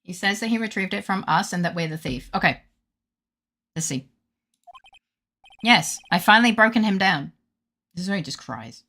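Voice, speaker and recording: A woman's voice: medium pitch, animated, normal speed, pauses often, sharp tone. A woman streamer giving playful, sarcastic commentary on a game, cursing casually.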